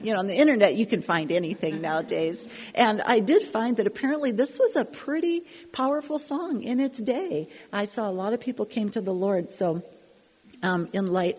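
Earnest woman Bible teacher with a breathy voice, recorded with long hall reverb. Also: medium pitch, darkish tone. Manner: earnest, personal, slows down to stress points.

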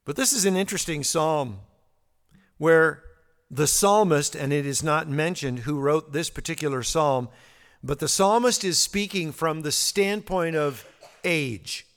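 A man's voice: fairly high pitch, unhurried, fairly bright tone, clear, resonant tone. A man teaching through a psalm verse by verse, in a conversational way with fillers and repeated words. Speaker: Bible teacher. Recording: long hall reverb.

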